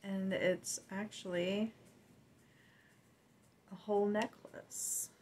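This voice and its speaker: A woman's voice: mid-range voice, level tone, slight background noise, poor audio. A woman vlogger chatting casually and gushingly as she unboxes gifts. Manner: warm, gushing, unhurried.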